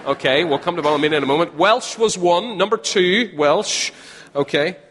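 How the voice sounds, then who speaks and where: This Northern Irish man preaches to a live audience in a large hall, his high voice a bit bright and his pace normal. He's chatty and joking, often repeating phrases, and the recording carries a long hall reverb.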